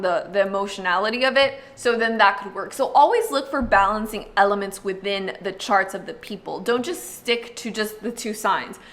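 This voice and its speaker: A woman hosting an astrology video, talking casually and explaining to the viewer, full of "like" and quick acted-out quotes. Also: medium pitch, fairly bright tone. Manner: chatty, uses lots of "like", acts out quick voices. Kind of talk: casual explanatory talk to camera.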